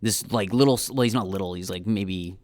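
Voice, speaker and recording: A man's voice: low-pitched, a little fast, darkish tone, dry recording. Rambling young Canadian man telling stories. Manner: rambling storyteller, many fillers and restarts. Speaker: guest, filmmaker. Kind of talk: casual podcast chat.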